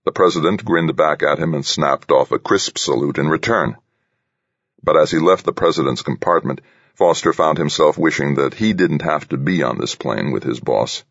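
A man narrating a novel in a measured, even way, his voice extremely low and husky. The sound is dry and a little dull, with no room around it. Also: no echo. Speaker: audiobook narrator. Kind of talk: scripted narration.

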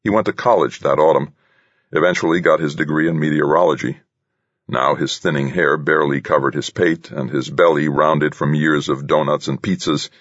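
A man narrating a novel in a measured, even way, his voice extremely low and husky. The sound is dry and a little dull, with no room around it. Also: dry recording. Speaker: audiobook narrator. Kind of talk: scripted narration.

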